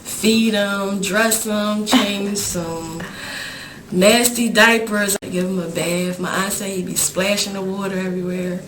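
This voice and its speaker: A woman's voice: medium pitch, fairly even intonation, measured pace, fairly bright tone. A young woman speaking as an incarcerated mother in a documentary interview, talking casually and hesitantly with many fillers. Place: prison visiting area. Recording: echoey room with crowd behind.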